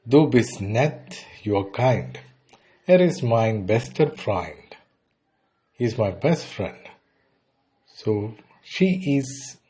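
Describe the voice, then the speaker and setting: A man's voice: mid-range voice, warm tone, breathy edge. A man teaching a beginner language lesson. He says each phrase, then translates it plainly, and sometimes restarts a word partway through.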